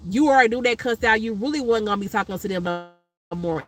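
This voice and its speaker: A woman vlogger, telling a rambling personal story with many fillers and loud, high impressions of other people. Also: fast talker, soft background music, poor audio. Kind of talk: casual storytelling chat.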